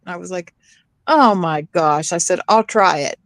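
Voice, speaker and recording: A middle-aged woman in a casual group chat, telling stories in an animated way and acting out what people said. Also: fairly low pitch, moderate pace, dry recording. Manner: animated storyteller, acts out quotes. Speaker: chat participant.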